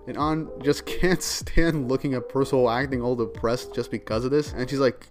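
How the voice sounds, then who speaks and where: A man's voice: medium pitch, steady tone, brisk, few pauses, soft background music. A man casually recapping and commenting on a manga chapter. He fills his talk with "like" and laughs often. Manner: chatty, many "like" fillers, laughs often. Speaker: manga reviewer.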